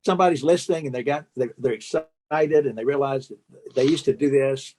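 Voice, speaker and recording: A man hosting a podcast, asking questions with a halting, rambling manner. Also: medium pitch, mellow, a little hiss or hum. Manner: halting, full of fillers and restarts. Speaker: podcast host. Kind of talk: interview chat.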